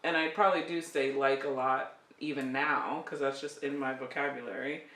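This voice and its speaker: A woman in her forties co-hosting a casual podcast chat, animated and often laughing. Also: a bass voice, normal speed, distant mic. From California. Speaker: podcast co-host, parent. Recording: echoey room, off-mic.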